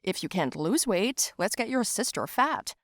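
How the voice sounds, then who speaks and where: A woman's voice: mid-range voice, big pitch swings, a little slow, dry recording, clean studio sound. A woman voicing a firm, bossy young male friend who gives orders. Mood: instructive. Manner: firm, instructive.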